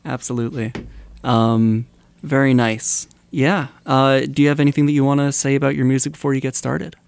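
A young man hosting a college radio show, chatting casually with a guest musician and reading a public service announcement, with relaxed fillers and hesitations. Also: mid-range voice, fairly quick, gravelly, clean tone.

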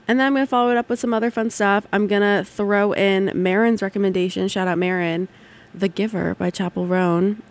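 A young adult woman hosting a college radio show, chatting casually between songs in a rambling way, full of "like" and "um". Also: medium pitch. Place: radio studio.

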